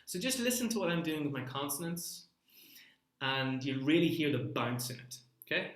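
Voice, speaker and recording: A man's voice: fairly high pitch, lively intonation, normal speed, a bit bright, reverberant. A man teaching an online singing lesson, coaching vowels and rhythm with sung examples.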